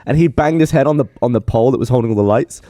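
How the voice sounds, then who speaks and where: A man's voice: medium pitch, very fast, dark tone, no room sound, studio quality. A young British man telling stories animatedly on a podcast, with sound effects. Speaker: podcast co-host. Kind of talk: casual chat.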